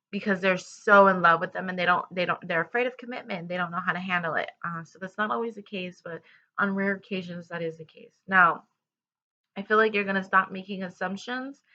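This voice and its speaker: A woman talks through a tarot love reading in a loose, rambling way, full of fillers and restarts. Her voice is bright and forward, and the recording sounds slightly muffled and lo-fi. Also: lowish voice, normal speed. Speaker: tarot reader. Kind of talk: casual tarot reading to camera.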